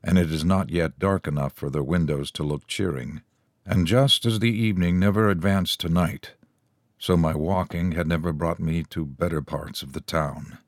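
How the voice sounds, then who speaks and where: In clean studio sound with no echo, a man whose voice sits low narrates an audiobook script. His delivery is measured and evenly paced, like a storyteller.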